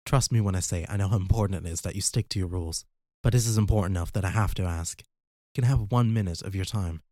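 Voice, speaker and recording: A man's voice: low-pitched, fast, dark tone, dry recording, clean studio sound, close to an everyday voice. A man voicing an earnest armored male hero who presses a therapist for time, in an audiobook. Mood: pleading.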